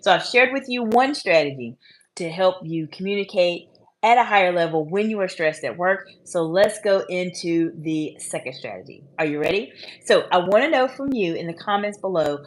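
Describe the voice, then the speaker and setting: A woman in her forties who coaches women leaders, giving advice to the camera in a measured, emphatic, repetitive way. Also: fairly low pitch, lively intonation. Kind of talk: advice video talking to the camera.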